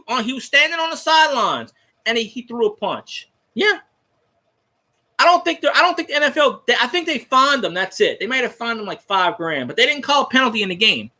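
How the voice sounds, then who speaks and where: A man's voice: very high voice, sharp tone. A man giving a profane, rambling football fan rant in casual chat.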